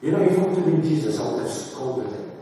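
A man's voice: fairly high pitch, lively intonation, quick pace, dark tone. A man preaching a sermon to his church in a conversational way, with fillers and restarts. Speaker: pastor. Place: church hall. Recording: echoey hall from far off.

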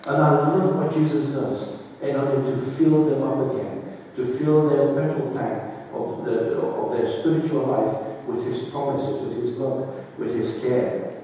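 A man's voice: medium pitch, fairly even intonation, unhurried, few pauses, warm tone, a little hiss or hum. A man preaching a sermon to his church in a conversational way, with fillers and restarts. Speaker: pastor. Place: church hall. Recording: echoey hall from far off.

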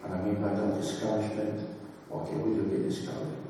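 A man's voice: on the low side, monotone, brisk, dark tone, a little hiss or hum. A man preaching a sermon to his church in a conversational way, with fillers and restarts. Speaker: pastor. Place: church hall. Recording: echoey hall from far off.

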